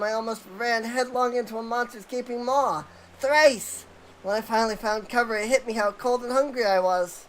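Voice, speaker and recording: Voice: medium pitch, voice pushed up, close to an everyday voice, rough recording. A game player voicing a small, timid male engineer who pleads and frets nervously while reading game dialogue aloud.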